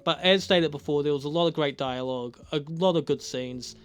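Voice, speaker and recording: A man's voice: a little high, a little fast, smooth. A man giving a casual, profane recap of a TV episode, laughing often and acting out lines from the characters. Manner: profane, laughing, animated retelling with acted quotes. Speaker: video reviewer.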